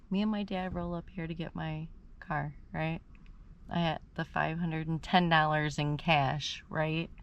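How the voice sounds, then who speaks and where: A woman vlogger telling a story in an animated, indignant and profane way while sitting in her parked car. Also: lowish voice, slight background noise. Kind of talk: casual storytelling vlog. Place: in a parked car, then outdoors on location.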